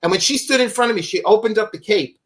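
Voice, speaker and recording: A man's voice: high voice, fast, a bit bright. Rambling, laughing male storyteller. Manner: rambling, self-interrupting, laughing through his story. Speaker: guest, fan club founder. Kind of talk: animated storytelling on a live stream.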